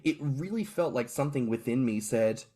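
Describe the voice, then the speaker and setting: A man co-hosts a casual podcast, his voice swooping widely up and down as he tells a story. He talks in an animated way, with loose swearing and easy laughter. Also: mid-range voice, moderate pace. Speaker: podcast co-host.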